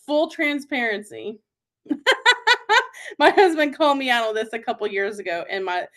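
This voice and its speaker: A woman's voice: high voice, sing-song, measured pace, pushed and bright. A young adult woman hosting a podcast, chatting casually in a rambling way with lots of fillers and giggles. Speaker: podcast host. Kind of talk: casual chat.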